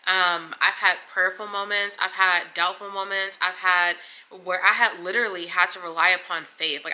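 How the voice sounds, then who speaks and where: A woman's voice: fairly low pitch, fairly even intonation, moderate pace, sharp tone. A young woman vlogger recounting a hard birth in a candid, emotional way, swearing freely and at times near tears. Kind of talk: casual confessional storytelling.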